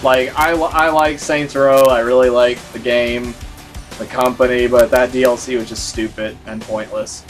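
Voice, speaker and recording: A man's voice: mid-range voice, flat delivery, moderate pace, faint music behind. A man giving casual let's-play commentary, rambling and filling his talk with "like". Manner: rambling, full of "like" fillers. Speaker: gaming video host.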